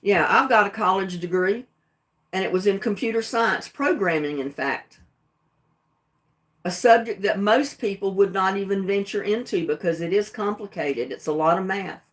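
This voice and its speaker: A middle-aged woman with a proud Southern US accent chats on her livestream. She is plainspoken and emphatic, pressing her points with defiance, and her voice sits at an ordinary middle pitch. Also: normal speed. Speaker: livestream host. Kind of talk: casual livestream talk.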